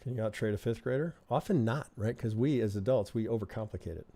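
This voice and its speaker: A trading instructor reviews charts on a live stream, chatting conversationally, thinking aloud and constantly asking "right?". His voice is lowish, fast and mellow.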